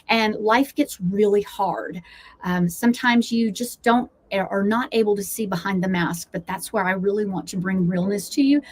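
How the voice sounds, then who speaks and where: A woman with a Southern American accent, a wellness coach and travel host talking earnestly and motivationally, with frequent fillers. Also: medium pitch. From United States, Blue Ridge foothills. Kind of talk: casual talking-head vlog. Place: outdoors, aircraft overhead.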